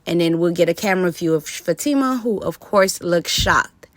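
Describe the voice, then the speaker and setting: A woman's voice: lowish voice, lively intonation, moderate pace, no echo. A woman talking casually about a TV show, rambling with fillers as she works through her ideas. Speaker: TV commentator. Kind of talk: casual commentary vlog.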